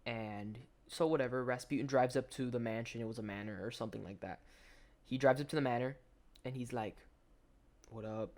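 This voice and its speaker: A man's voice: medium pitch, brisk, darkish tone. A young adult man, a gaming commentator, telling a story in a rambling, slangy way, full of restarts over gameplay.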